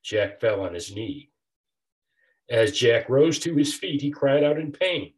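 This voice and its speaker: Older male author reading a children's rhyme aloud, unhurried, with a lively sing-song rise and fall. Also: mid-range voice. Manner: rhythmic rhyming delivery. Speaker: author reading his picture book. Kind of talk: storybook read-aloud.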